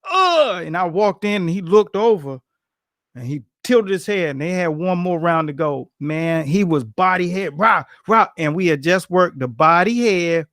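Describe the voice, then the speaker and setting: A man, a boxing coach, telling gym stories in a casual, animated chat full of slang and acted-out quotes. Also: high-pitched, normal speed, dry recording, clean studio sound. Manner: animated, slangy, acts out quotes with grunts and laughs.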